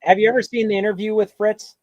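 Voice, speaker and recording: A man appears as a guest on a livestream, chatty and quick to laugh. He tells stories and slips into imitations of the people in them. His voice is high for a man and sounds dry and close. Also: fairly even intonation, a little mellow, no room sound, dull audio. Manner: chatty storyteller, laughing, mimicking others. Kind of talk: casual livestream chat.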